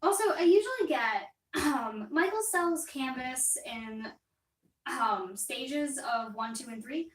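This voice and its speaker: A young woman chats casually with viewers on a livestream while she paints, rambling and stopping to read out their comments. Her voice sits a little high. It is picked up by a distant mic in an echoing room. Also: expressive, slow. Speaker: artist live-streaming. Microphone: distant mic, moves around while working. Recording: roomy echo, voice off-mic.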